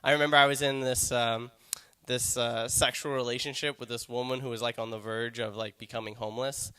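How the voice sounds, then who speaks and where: Rambling self-mocking comedian, bright voice. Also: male voice, mid-range voice, level tone, brisk, clear, resonant tone. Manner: rambling, filler-heavy, self-deprecating. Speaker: stand-up comedian. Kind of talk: stand-up comedy set.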